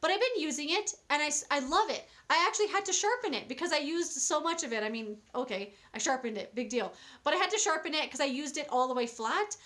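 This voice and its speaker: Young female beauty vlogger, high voice, casual and gushing, lots of fillers. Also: lively intonation, quick pace, few pauses, a bit bright. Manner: chatty and enthusiastic, with many fillers and restarts. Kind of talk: casual product review.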